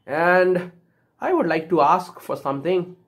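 A woman's voice: on the low side, expressive, unhurried. A woman voicing a timid cowardly lion.

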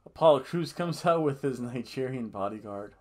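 A man hosting a casual wrestling review podcast, rambling and animated, often laughing and booing in mock outrage. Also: medium pitch, normal speed. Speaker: podcast host.

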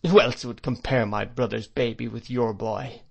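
A man's voice: medium pitch, fairly even intonation, normal speed, gravelly, a little mellow. Stern, cold spinster aunt figure, clipped and scolding, read by a male narrator; storybook reading. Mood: scornful. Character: stern, harsh spinster woman, cold and disapproving.

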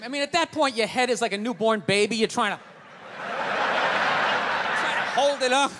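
A man's voice: very high-pitched, measured pace, long reverb tail, background noise. A man doing stand-up comedy on a stage, ranting profanely with rhetorical asides.

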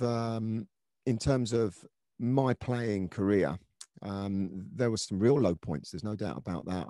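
An earnest middle-aged man recalls his playing days in a relaxed interview, pausing and restarting as he goes. His voice sits very low and mellow, recorded close and dry with no room sound. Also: no room sound. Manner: earnest, reflective, many restarts and fillers. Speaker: former footballer, podcast guest. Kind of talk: conversational storytelling interview.

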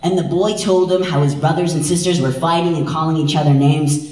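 A man from Wisconsin telling a traditional story on stage at an event, lively and drawing in the crowd with frequent questions. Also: a little high, brisk. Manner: lively, engaging the audience with frequent "right?". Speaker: storyteller and dance presenter. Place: large event hall. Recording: echoey hall, voice from far off.

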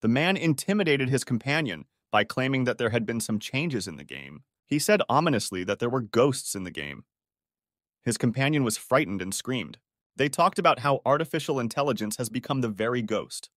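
A man reads a story recap aloud as scripted narration, his pitch rising and falling freely from line to line. The delivery stays even and steady, and the recording is dry and close with no room sound. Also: fairly quick, no echo.

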